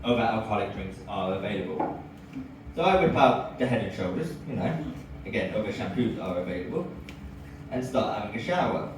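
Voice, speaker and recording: An English man tells stand-up stories with a lively, swooping delivery. He is heard from a distance in a very echoey club, with noticeable background noise throughout. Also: on the low side, brisk. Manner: lively storytelling, bursts into loud cries. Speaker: stand-up comedian. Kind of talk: stand-up set. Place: comedy club with audience. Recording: echoey room from far off, audible noise.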